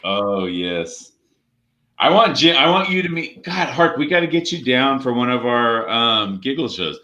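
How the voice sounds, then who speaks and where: A man's voice: mid-range voice, very animated, measured pace, bright, forceful tone, highs cut off. A man hosting a comedy show over a video call, chatting loosely, laughing and swearing casually.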